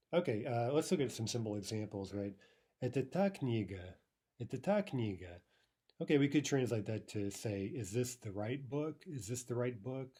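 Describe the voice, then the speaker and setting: A man teaching a language lesson, explaining grammar with many fillers and repeating each example slowly. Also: on the low side, dark tone, breathy edge.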